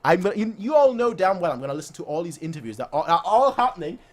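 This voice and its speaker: A young man hosting a fan channel, chatting excitedly after a match, boastful and repeating himself for effect. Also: sits high, racing. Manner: animated, boastful, repeats phrases, acts out players' voices.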